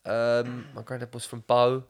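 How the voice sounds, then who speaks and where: A man's voice: mid-range voice, monotone, measured pace. A young man, hosting a casual podcast chat, rambling through stories with lots of swearing and laughter. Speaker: podcast host.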